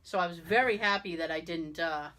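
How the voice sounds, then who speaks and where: A woman co-hosting a casual podcast, telling stories in an animated way and acting out the people she quotes. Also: fairly low pitch, a little fast. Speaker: podcast co-host. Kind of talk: casual chat, storytelling.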